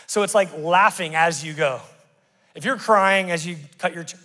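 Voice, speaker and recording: Middle-aged male pastor, slightly high voice, lively conversational sermon delivery, long church reverb. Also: normal speed. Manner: animated, conversational preaching with sudden loud bursts. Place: church sanctuary.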